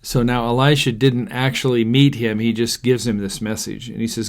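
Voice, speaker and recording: A man's voice: mid-range voice, level tone, normal speed, hardly any pauses. A man teaching from the Bible, reading a story aloud in a casual, conversational way and breaking in with chatty asides.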